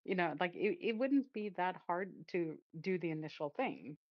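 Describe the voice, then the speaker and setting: A woman's voice: on the low side, animated, moderate pace, dry recording, dull audio. Woman, mocking and giggly. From Sweden. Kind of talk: casual geopolitical chat.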